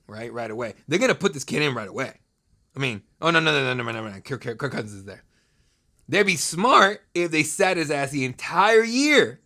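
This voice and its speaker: On a live draft stream broadcast from his home setup, a man in his thirties talks into a desk mic in a somewhat high, slightly bright voice. His casual commentary is full of loose chatter with viewers and crude, profane joking.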